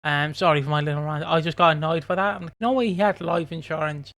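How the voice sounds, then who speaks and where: Smooth-voiced man ranting about a soap. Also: a little high, fast talker, no room sound. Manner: animated, swears freely, acts out characters' lines. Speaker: podcast co-host. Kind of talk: casual chat recapping a soap episode.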